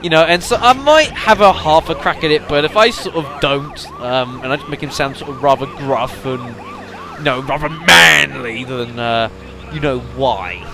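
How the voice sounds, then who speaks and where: A man's voice: medium pitch, normal speed. A man giving casual gameplay commentary, rambling with lots of fillers and addressing the audience as folks. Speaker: let's play commentator.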